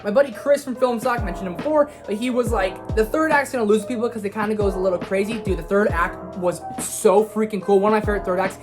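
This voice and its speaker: A woman's voice: mid-range voice, fast talker, few pauses, music in the background. Hyped woman gushing over a movie. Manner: gushing, hyped, casual with swearing. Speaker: film reviewer. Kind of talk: excited spoiler movie review.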